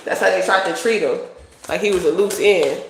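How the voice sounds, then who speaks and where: A woman's voice: lowish voice, a little fast, vocal fry. A woman doing a casual psychic tarot reading, blunt and profane, rambling from thought to thought. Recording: very echoey room, faint noise.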